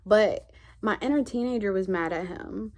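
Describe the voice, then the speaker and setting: A woman's voice: medium pitch, moderate pace, darkish tone. Candid woman talking heart to heart. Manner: rambling, heartfelt, conversational. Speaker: spiritual vlogger. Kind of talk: candid reflective chat to camera.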